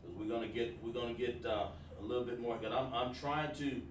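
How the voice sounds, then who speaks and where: A man's voice: mid-range voice, brisk, reverberant, distant mic, slight background noise. A man teaching a Hebrew class online, casual and repetitive, calling students by name. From South Carolina, USA. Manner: informal, repeats words, talks to students by name.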